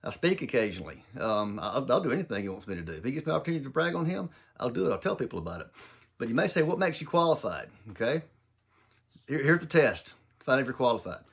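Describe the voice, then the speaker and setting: A man from southern Mississippi speaks in a thick Southern accent. He gives an earnest, folksy faith talk, talking fast and loosely, with some words run together and some restarted. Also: medium pitch, very animated, gravelly, slightly rough. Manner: earnest, folksy, addresses listeners as y'all. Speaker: Christian speaker.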